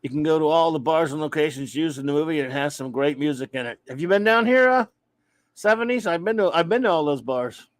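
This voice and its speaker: Rambling New man, slightly high voice. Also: animated, fast, no echo. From New Orleans, USA. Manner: rambling, self-interrupting, playful. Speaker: podcast host reading chat. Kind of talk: casual chat.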